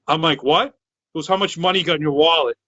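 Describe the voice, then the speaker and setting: A loud, excitable man in his thirties from Massachusetts co-hosts a podcast, rambling through a story in casual chat and restarting often. His bright, forceful voice sits a little high and moves fast. The sound is dry, slightly dull and echo-free, like a lo-fi online call.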